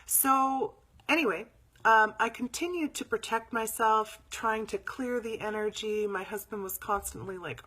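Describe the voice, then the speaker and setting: A woman hosting a live spiritual show, telling a story in a chatty, animated way and sometimes dropping to near whispers before leading a meditation. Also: on the high side, a little slow.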